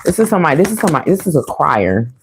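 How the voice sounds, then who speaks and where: A woman's voice: deep voice, sing-song, rapid-fire, slight background noise. A woman giving a casual, chatty tarot reading to her viewers, laughing often and calling them y'all. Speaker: tarot reader.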